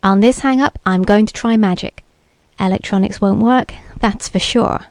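A woman's voice: medium pitch, moderate pace, darkish tone, no room sound, lightly acted. A woman reading the lines of a bearded young beatnik TV repairman who talks in laid-back hip slang and sounds sure of himself. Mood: ominous.

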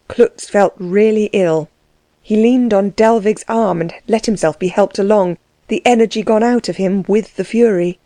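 In a dry recording, a woman with a mid-range voice narrates an audiobook, telling the story in a measured, expressive way.

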